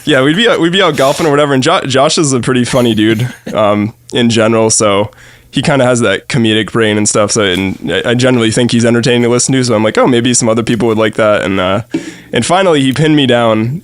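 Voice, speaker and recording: A man's voice: medium pitch, fast talker, no echo. A young man from New chatting casually as a podcast guest, rambling with plenty of fillers and easy laughs. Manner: relaxed, rambling with many fillers and frequent laughs. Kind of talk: casual chat.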